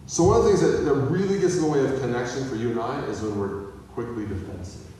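A pastor with a mid-range, mellow voice talks quickly through a sermon, keeping it conversational and putting questions to his listeners. He's picked up from a distance in an echoey hall, with slight background noise.

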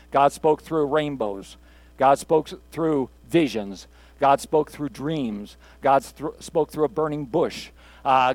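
A man's voice: fairly high pitch, no room sound. A man preaching a sermon as pastor to his congregation. He talks in a conversational way, repeats phrases for emphasis and asks the room questions. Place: church sanctuary with congregation.

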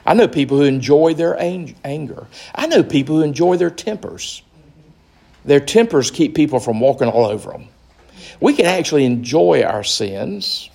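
A man leading a Bible study as pastor, speaking slowly and earnestly with restarts. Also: fairly high pitch, expressive, vocal fry, a little mellow. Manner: slow, earnest, with fillers and restarts.

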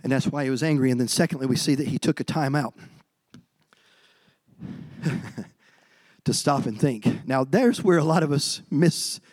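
A middle-aged man preaching a sermon as pastor, swinging from low, quiet stretches to loud, emphatic outbursts. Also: moderate pace, pauses often, no echo.

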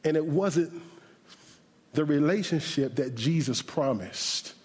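A male pastor preaching an animated, humorous sermon with shouted bursts, then praying in a softer voice. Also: on the high side, slow pace. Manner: closes in a softer prayer. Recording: reverberant hall.

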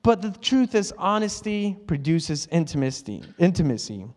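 Preaching from the stage in an easygoing, talkative way, a high-voiced male pastor keeps laughing at himself. Now and then he does rapid impressions of others at prayer. His words echo through a big church hall, where the reverb hangs on for a long time.

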